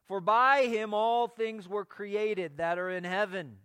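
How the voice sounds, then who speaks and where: A man's voice: high-pitched, slow, sharp tone, clear, resonant tone, dry recording. A man preaching a sermon, earnest and teaching, often repeating words as he starts a phrase. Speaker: pastor.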